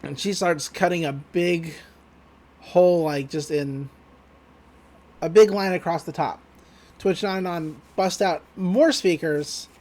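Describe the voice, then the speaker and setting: High-voiced man casually recapping. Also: darkish tone. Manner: loose, joking retelling with laughs and swearing. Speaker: podcast co-host. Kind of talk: casual anime episode recap.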